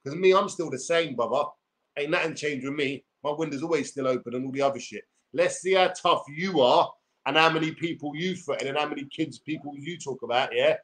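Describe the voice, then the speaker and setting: A man with a London accent, in his forties, rants on a livestream in a combative, profane way, full of street slang. His voice sits slightly high for a man. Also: brisk, a bit bright. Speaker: YouTuber. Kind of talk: livestream rant.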